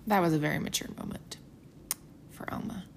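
A woman's voice: fairly low pitch, brisk. A young woman talking casually and animatedly about scripture, acting out quotes in little whispers. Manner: chatty, animated, acts out quotes with gasps and whispers.

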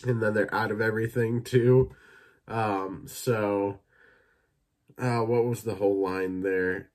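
A young man hosting a casual solo podcast, rambling and swearing as he retells movie scenes in quick impressions. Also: lowish voice, fairly even intonation. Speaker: podcast host reviewing films.

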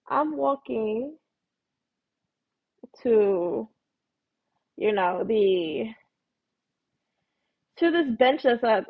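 Husky, gravelly New woman ranting. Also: a little high, dry recording. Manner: profane, blunt, storytelling rant. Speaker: podcast host. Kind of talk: casual ranting monologue. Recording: dull lo-fi recording.

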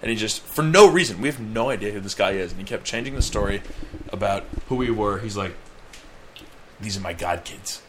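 Low-voiced young man telling a rambling story. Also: fast talker, noisy background. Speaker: podcast co-host. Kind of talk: casual chat, storytelling.

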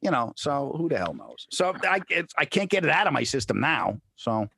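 Husky man telling a wild story. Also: wildly swooping pitch, moderate pace, dry recording, clean studio sound. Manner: acts out friends' voices, shouting in high pitch. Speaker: guest comedian and actor. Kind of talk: animated storytelling in casual chat.

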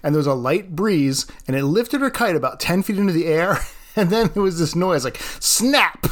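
A man's voice: on the high side, animated, a little fast. A man who teaches art, hosting his own podcast and telling a classroom story in a casual way, laughing often.

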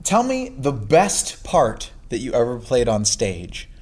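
A man hosting a casual chat, telling a story with animated energy and frequent laughter. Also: mid-range voice, slow. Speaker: podcast host.

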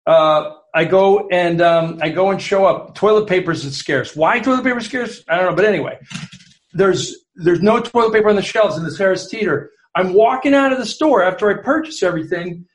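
A middle-aged man, a guest sports columnist, telling animated, rambling anecdotes in casual chat, full of restarts. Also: high voice, fairly quick, echoey room.

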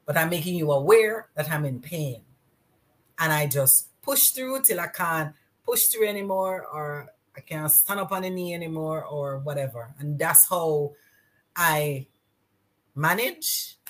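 Low voiced lady, middle aged, chatting on a podcast, acts out the quotes. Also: a little slow. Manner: lively storyteller, acts out quoted dialogue. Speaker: podcast guest. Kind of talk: casual interview chat.

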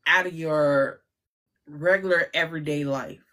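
A woman's voice: low voice, steady tone, sharp tone. A woman hosting a casual book chat, asking follow-up questions and giving encouraging murmurs. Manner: supportive listener, quick follow-up questions. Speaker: host.

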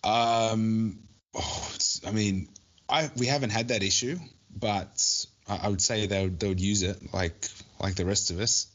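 A man co-hosts a casual podcast chat in a very low voice. He jokes around and often restarts his sentences. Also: steady tone, measured pace, a little hiss or hum. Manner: joking, restarts often, laughs at own jokes. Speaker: podcast co-host.

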